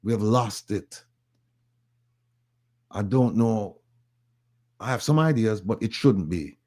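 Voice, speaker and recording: Low, mellow Jamaican man urging listeners. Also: animated, takes it slowly, husky. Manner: emphatic, repetitive urging. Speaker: activist speaker. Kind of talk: online group audio chat.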